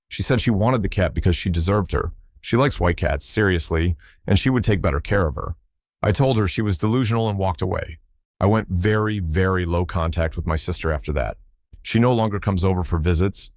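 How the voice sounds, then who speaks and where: A man narrating a first-person story in a steady, even storytelling delivery. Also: deep voice, no room sound, studio quality.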